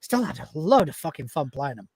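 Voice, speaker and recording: Northern English man, halting casual chat. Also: on the high side, big pitch swings, vocal fry, darkish tone, husky. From north of England. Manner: halting, with many restarts and casual swearing. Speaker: podcast host.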